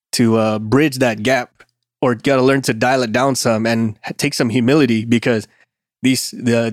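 A man's voice: medium pitch, dry recording, studio quality. A man chatting casually on a podcast, laid-back and profane, laughing often at his own stories. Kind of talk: casual chat.

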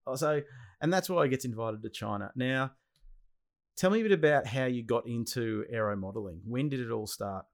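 A man's voice: mid-range voice, brisk. An Australian man hosting a casual podcast interview, enthusiastic and slangy, often repeating himself. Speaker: podcast host.

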